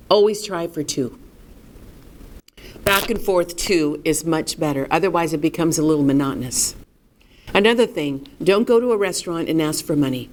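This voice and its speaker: Emphatic woman teaching a fundraising workshop. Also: lowish voice. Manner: emphatic, coaching, asks and answers own questions. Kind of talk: recorded workshop lesson.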